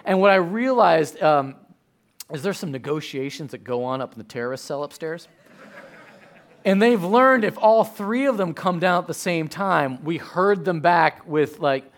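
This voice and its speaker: Speaking with a slightly high voice, a man in his thirties delivers a sermon as a pastor. His storytelling is lively and chatty, broken up by abrupt loud outbursts.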